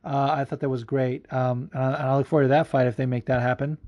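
A man's voice: medium pitch, little pitch movement, fast, dull audio. Profane, rambling man hosting a podcast. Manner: profane, rambling, laughs often. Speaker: podcast host. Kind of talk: casual solo podcast chat.

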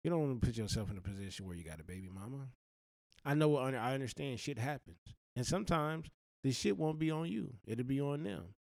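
A man talks straight to his listener with blunt, slangy, heartfelt advice. His pitch sits in the middle of the range, and he speaks with an earnest weight. The recording is dry, with no room sound. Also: animated, a little fast, vocal fry, darkish tone, no echo. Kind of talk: direct-to-camera life advice monologue.

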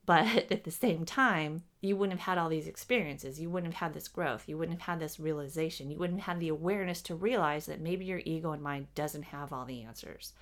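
A woman channeling spiritual teaching, speaking as a collective "we" in a measured, explanatory way. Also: low-pitched.

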